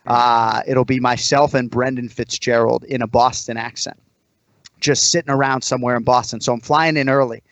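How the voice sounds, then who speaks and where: A man's voice: medium pitch, fairly even intonation, moderate pace, fairly bright tone, dry recording. Guy hosting a podcast, jokey, swears a lot, dry close sound. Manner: joking, profane, rambling. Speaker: podcast host. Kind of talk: casual chat.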